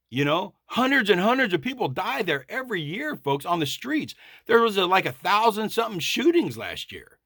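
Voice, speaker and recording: Man on a profane, emphatic rant; gravelly, bright tone with lots of swing. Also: sits high, no room sound, studio quality. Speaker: vlogger. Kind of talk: political rant monologue.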